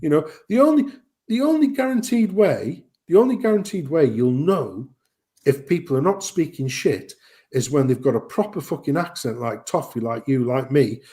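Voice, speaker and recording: A man's voice: on the high side, animated, normal speed, warm tone. A man hosting a casual live chat, ranting and swearing. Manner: swearing, ranting, mimics voices. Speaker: host.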